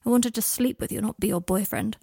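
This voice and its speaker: A woman reading the lines of a guarded, sharp-tongued young wizard in an audiobook of fan fiction, speaking softly and often half in a whisper. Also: mid-range voice, steady tone, a little fast, creaky, husky, no room sound, clean studio sound. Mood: wry.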